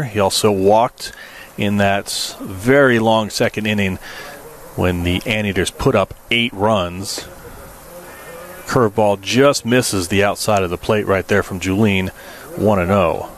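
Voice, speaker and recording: A man calling baseball play-by-play, low and relaxed for stats, then climbing sharply in pitch and volume on big hits. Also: measured pace. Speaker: play-by-play announcer.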